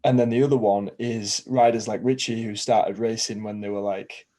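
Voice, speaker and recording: A man co-hosts a podcast conversation. His voice sits low and mellow, and he talks in a measured way, building long, careful questions. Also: steady tone.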